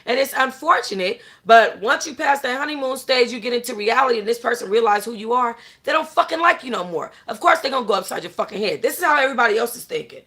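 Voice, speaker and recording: A woman's voice: a little high, lively intonation, quick pace, few pauses, pushed and bright. A young adult woman hosting a casual chat, bluntly lecturing her viewers with lots of profanity and a constant "you know what I'm saying". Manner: talks straight to the audience, answers chat. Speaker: host.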